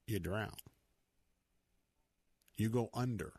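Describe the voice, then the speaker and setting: A man's voice: on the low side, slow pace, darkish tone, husky, no echo, pitched below the performer's own voice, heavily acted. A man voicing Satan as a sly male tempter who coaxes someone into doubt. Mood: taunting.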